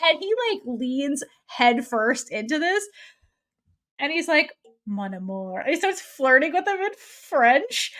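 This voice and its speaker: A young woman co-hosts a podcast in a casual, animated way, sitting a little above the usual female pitch. She laughs, swears freely and jumps into quick impressions of the characters as she recaps. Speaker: podcast co-host.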